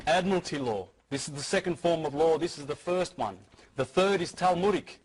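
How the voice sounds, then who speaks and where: A man's voice: on the high side, brisk, slight background noise, rough recording. A man with an Australian accent lecturing an audience animatedly, with frequent restarts. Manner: animated, acts out quoted voices.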